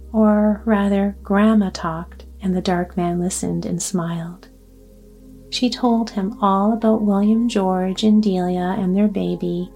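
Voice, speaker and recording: Female sleep-story narrator, gentle and soothing, mellow tone, faint music bed. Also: mid-range voice, vocal fry. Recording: soft background music.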